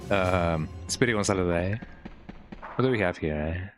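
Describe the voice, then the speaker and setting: This deep-voiced man streams a video game at a moderate pace, offering casual let's play commentary while game music plays behind him. His talk rambles, and he keeps ending lines with "eh?".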